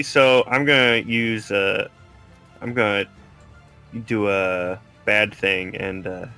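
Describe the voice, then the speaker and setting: A man playing a tabletop game, easygoing and quick to laugh. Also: on the low side, bright, forceful tone, clear, resonant tone. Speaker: player. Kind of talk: casual tabletop game play.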